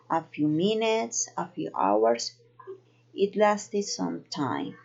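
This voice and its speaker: A woman with a Colombian Spanish accent, a native Spanish speaker, teaching an English grammar lesson slowly and carefully. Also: lowish voice, gravelly, darkish tone. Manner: slow, careful explaining. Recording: dull lo-fi recording.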